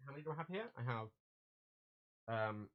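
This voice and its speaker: A man's voice: mid-range voice, animated, normal speed, no room sound, narrow, tinny audio. A man chatting casually on a livestream while packing orders, ranting with heavy swearing and frequent laughter. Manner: profane, ranting, laughs often.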